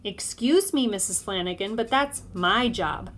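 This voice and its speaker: A woman voicing a bossy, excitable young girl who talks loud and shrill. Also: measured pace, a little hiss or hum. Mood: bossy, excited.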